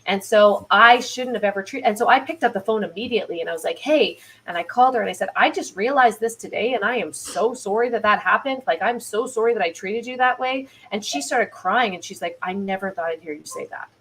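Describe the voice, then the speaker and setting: A woman's voice: mid-range voice, a little fast, hardly any pauses, a bit bright, rough recording. A woman in a casual live-streamed talk, earnestly telling personal stories about parenting and family. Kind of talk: casual conversation. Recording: faint background noise.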